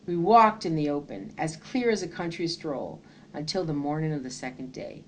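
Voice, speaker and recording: A woman reads a children's picture book aloud, earnest and expressive. Her voice sits slightly low for a woman. She tells the story steadily, letting each line carry its meaning. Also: normal speed, slight background noise. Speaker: reader.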